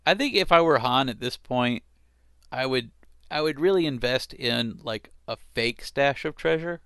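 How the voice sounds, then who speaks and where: A man's voice: medium pitch, animated, normal speed, fairly bright tone, clear, resonant tone, dry recording, clean studio sound. Joking man co-hosting a comic review. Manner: joking, reads comic dialogue in mock voices. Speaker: podcast co-host. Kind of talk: casual chat.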